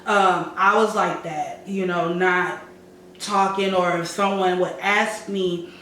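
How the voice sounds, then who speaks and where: A very slow-paced co-host who listens closely, keeps affirming the other speaker, and asks careful questions. The voice sits well back from the mic in a very echoey room, with a faint hiss. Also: medium pitch, steady tone, pushed and bright, recorded from a distance. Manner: attentive, frequent affirmations. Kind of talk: casual discussion.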